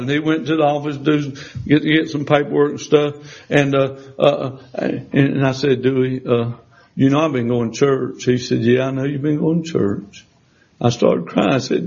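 A man's voice: on the high side, lively intonation, moderate pace, creaky, darkish tone, breathy edge. A man preaching a sermon, telling a personal testimony in a folksy way, with restarts and acted-out quoted voices. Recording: dull lo-fi sound.

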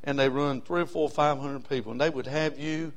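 A male pastor preaching a sermon, fervent and folksy, moving from quiet asides to loud hollering. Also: on the high side, steady tone, fairly quick.

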